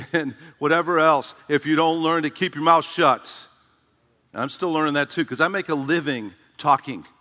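A man's voice: on the high side, bright, forceful tone. A man preaching a sermon as a pastor, conversational and humorous, with emphatic repetition. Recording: long hall reverb.

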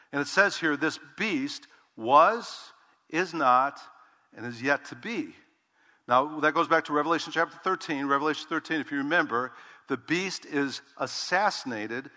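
Bright-voiced pastor preaching in a hall. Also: male voice, on the high side, normal speed. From Dutch heritage. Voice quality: bald preacher self-described. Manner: conversational preaching, asks the congregation "Amen?". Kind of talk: expository sermon. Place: large church sanctuary with long reverb. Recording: reverberant church hall.

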